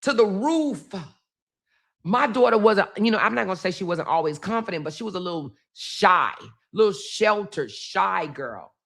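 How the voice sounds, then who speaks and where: A woman's voice: medium pitch, expressive, moderate pace, vocal fry, a bit bright. A middle-aged woman, telling a family story to her viewers in a casual, emphatic way, repeating phrases. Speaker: vlog host.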